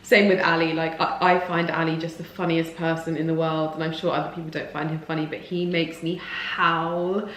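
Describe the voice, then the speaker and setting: A woman's voice: low voice, little pitch movement, normal speed, hardly any pauses, a bit bright, a little hiss or hum. A woman in her thirties chatting casually in a lifestyle vlog from her home kitchen, talking loosely with many fillers and frequent giggles. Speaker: lifestyle vlogger.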